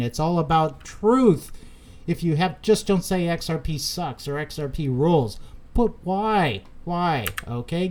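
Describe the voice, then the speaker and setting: A man's voice: medium pitch, darkish tone. A man giving casual, rambling commentary on a crypto chart as he draws lines, correcting himself and talking straight to his viewers, with pumped-up bursts when he greets them. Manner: rambling, self-correcting, chatty asides to viewers.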